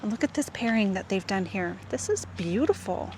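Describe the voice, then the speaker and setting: Woman, gardening vlogger, excitable and wonder-struck, outdoor camera audio with faint background noise. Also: mid-range voice, brisk. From Canada. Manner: gushing, exclamatory, often drops to a hush. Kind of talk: casual walk-and-talk vlog.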